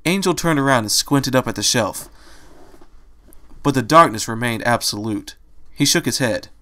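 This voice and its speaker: A man's voice: medium pitch, animated, normal speed, bright, forceful tone. A man reading a fan fiction story aloud, narrating steadily. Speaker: reader.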